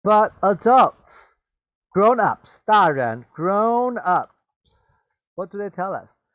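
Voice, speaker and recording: A man with a high, very animated voice and a fairly bright tone teaches English vocabulary slowly in a bilingual lesson. He repeats and explains words, slips into glosses, and checks in with "okay?" and "right?", and there's no room sound.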